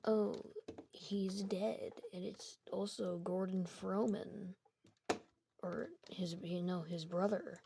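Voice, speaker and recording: A woman's voice: medium pitch, fairly even intonation, slow pace, gravelly, background noise. A woman casually narrating a silly game story in a rambling, self-correcting way.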